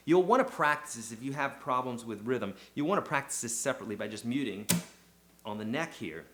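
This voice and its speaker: A man gives a casual guitar lesson, chatty and encouraging, counting the beats aloud while playing his acoustic guitar in the background. His mid-range voice is animated and brisk.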